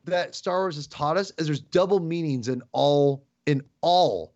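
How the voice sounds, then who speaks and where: A man with a fairly high voice tells his story in a rush of excitement, tripping over his words and restarting his sentences again and again. The sound is a little dull and lo-fi, with no room echo at all. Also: measured pace. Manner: excitable, rambling with many restarts. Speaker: podcast guest. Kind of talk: casual chat.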